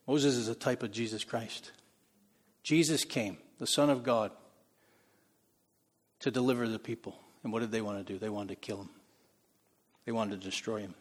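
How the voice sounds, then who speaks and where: A man preaching a sermon as pastor, in a conversational style with frequent laughs, moving between soft and loud passages. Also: mid-range voice, slightly rough, in a large hall.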